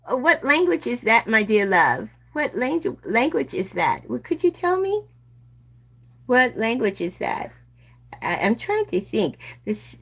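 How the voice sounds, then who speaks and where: A woman in her seventies hosting a live stream, chatting slowly and gently with viewers and calling them "my dear love.". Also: medium pitch. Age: 70s. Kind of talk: casual chat with live viewers.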